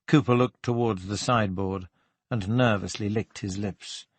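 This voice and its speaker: A man's voice: on the low side, slightly rough, no room sound. Man narrating an audiobook, dry close sound. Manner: measured, even storytelling. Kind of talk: scripted narration of a crime novel.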